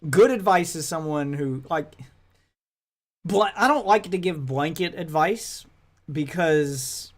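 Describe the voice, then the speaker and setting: Blunt, slightly high man explaining. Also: lively intonation, slow pace. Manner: blunt and explanatory, swears casually. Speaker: livestream co-host. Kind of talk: casual chat.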